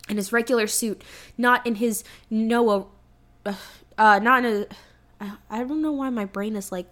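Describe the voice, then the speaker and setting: A woman in casual chat about a film, retelling scenes with quoted lines and frequent swearing. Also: fairly high pitch. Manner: animated, swears, acts out movie lines.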